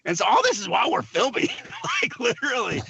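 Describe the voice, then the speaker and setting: A man, a film producer, telling a lively behind-the-scenes story in an interview, acting out the quoted lines. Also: very high-pitched, brisk, gravelly, lo-fi sound, a little hiss or hum. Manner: animated storyteller, acts out quotes with laughs.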